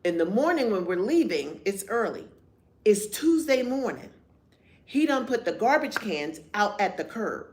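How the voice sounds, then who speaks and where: A woman's voice: mid-range voice, big pitch swings, unhurried. A woman in her fifties co-hosting a candid chat show, telling a story with vivid acted-out quotes and blunt, profane language. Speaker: podcast co-host.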